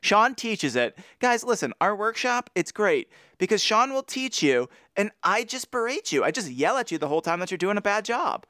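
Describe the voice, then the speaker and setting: A man co-hosting a casual podcast, reading a story aloud and bantering with excitable, teasing energy. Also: sits high, normal speed, few pauses, no room sound, studio quality. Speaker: podcast co-host.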